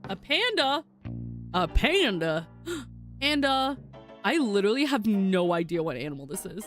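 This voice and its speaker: A woman's voice: mid-range voice, very animated, unhurried, a bit bright, faint music behind. A woman voice actor chatting casually while playing a game, bubbly and cooing over cute characters. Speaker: voice actor streaming gameplay. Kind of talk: casual gameplay commentary.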